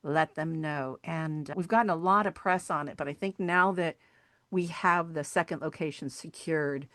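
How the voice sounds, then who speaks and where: Middle-aged woman guest, earnest and animated, low-ish voice, dry studio-close sound. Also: normal speed, dry recording. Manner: earnest, animated storyteller acting out quoted voices. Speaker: podcast guest, sculptor and hiking group founder. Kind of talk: conversational storytelling interview.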